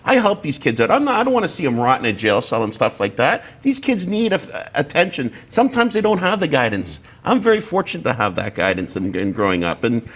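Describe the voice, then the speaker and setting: Male talk host, halting delivery, lots of "uh"s, mid-pitched. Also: wildly swooping pitch. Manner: halting, many fillers and restarts. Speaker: show host. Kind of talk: political talk show.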